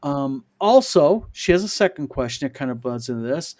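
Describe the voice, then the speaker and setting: A man's voice: fairly high pitch, lively intonation, moderate pace, darkish tone. A man co-hosting a casual panel chat, reading viewer mail and telling stories in a rambling way with many fillers and chuckles.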